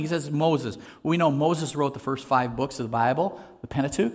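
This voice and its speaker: A man's voice: fairly high pitch, animated, moderate pace, a little mellow. A man preaching a sermon in an earnest, conversational way, asking his listeners rhetorical questions. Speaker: pastor.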